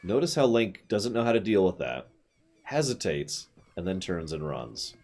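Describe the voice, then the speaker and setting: A man's voice: deep voice, expressive, moderate pace, darkish tone. A man giving casual, chatty commentary while streaming a video game, with opinionated asides.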